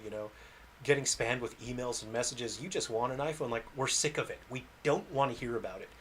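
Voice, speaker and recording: A man casually talks with his livestream viewers about working as a game developer, rambling, self-deprecating and laughing between thoughts. His voice is mid-pitched and ordinary, with slight background noise.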